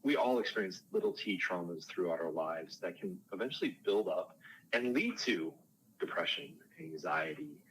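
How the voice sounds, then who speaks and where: Low-voiced man explaining at length. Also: animated, normal speed, a bit bright, slight background noise, low-quality recording. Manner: explanatory, conversational, self-deprecating asides. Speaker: counselor and life coach. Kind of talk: interview answers. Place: outdoors on a porch.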